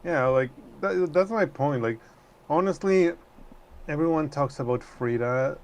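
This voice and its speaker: A man's voice: fairly high pitch, a little slow. A man co-hosting a casual chat about art, giving short agreeing replies and self-deprecating asides.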